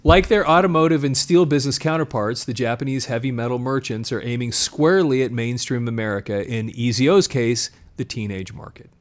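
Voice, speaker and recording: A man co-hosting a podcast in casual chat, reading an old article aloud and stopping to comment in animated asides. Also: medium pitch, fairly quick, few pauses. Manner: reads quotes then breaks off to comment, animated asides. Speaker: podcast co-host.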